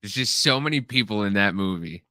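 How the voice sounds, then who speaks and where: A man chatting casually on a podcast with a bright, forward tone. He tells stories animatedly and jumps into the voices of his family. The sound is dry and close, with little room in it. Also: fairly low pitch, brisk, no room sound. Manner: animated storyteller, acts out family members in raised voices. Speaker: podcast co-host. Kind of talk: casual chat.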